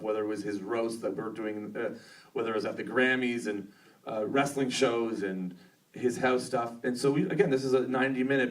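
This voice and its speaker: A man on a Q&A panel tells a story in a rambling, excited way, with lots of fillers. His voice is mid-pitched. He is heard from a distance in a theater. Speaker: filmmaker on a Q&A panel. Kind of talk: casual storytelling answer. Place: theater at a film premiere. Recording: distant mic in a venue.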